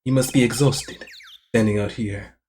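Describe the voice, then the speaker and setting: Guy putting on a deep breathy flirty rockstar prosecutor, slow and smooth, game voiceover. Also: steady tone, a little mellow, natural voice. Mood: seductive. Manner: low, slow, breathy crooning.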